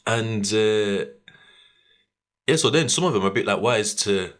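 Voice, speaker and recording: A man's voice: fairly low pitch, unhurried. A man, hosting a podcast and telling stories in casual chat full of street slang. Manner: animated storytelling with street slang. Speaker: podcast host.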